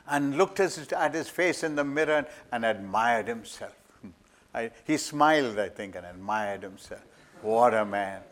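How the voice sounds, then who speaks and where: A man with a fairly high voice preaches a sermon through dramatic storytelling, acting out voices and swinging between loud declarations and hushed asides.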